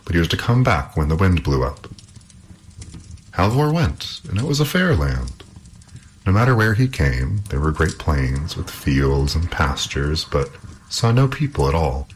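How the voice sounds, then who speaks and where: A man reading a fairy tale aloud in an expressive, measured storytelling manner. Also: rumbling low, a little hiss or hum.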